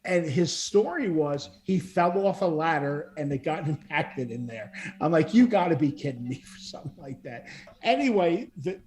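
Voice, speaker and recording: A man's voice: on the high side, lively intonation, normal speed, a little mellow. A man co-hosting a podcast, telling rambling stories in casual chat and laughing often. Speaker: podcast co-host.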